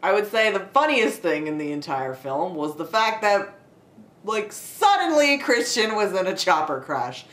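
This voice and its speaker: Reviewing a movie in a casual rant, a young female video creator is sarcastic, foul-mouthed and frequently laughing. She speaks at medium pitch with big swings, a measured pace and a fairly bright tone, using a home mic setup with a desk light in an echoey room.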